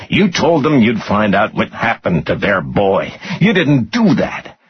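A man's voice: fairly low pitch, very animated, a little slow, slight background noise, voice pushed up. A man doing a cold, menacing tough guy. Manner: cold, blunt, threatening. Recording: muffled lo-fi audio.

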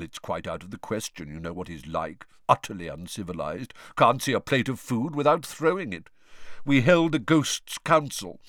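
A man's voice: mid-range voice, a bit bright, no room sound, clean studio sound, pitched above the performer's own voice, close to an everyday voice. A man reading an audiobook voicing a fussy, genteel old male ghost, with a prim, chatty manner. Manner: prim and chatty, full of gossip.

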